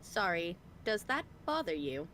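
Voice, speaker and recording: A woman voicing an energetic, cheerful female brain in a jar, with a slightly robotic, upbeat and flirty delivery, heard over an online voice call. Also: on the low side, a little slow. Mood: chipper. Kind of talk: fan voicing of game dialogue. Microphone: voice call over the internet.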